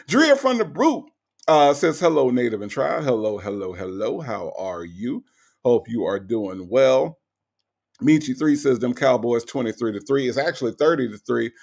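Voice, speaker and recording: Gravelly, chatty male livestream host. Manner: chatty, teasing, repeats phrases, big pitch swings. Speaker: livestream host reading chat. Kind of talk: casual live chat.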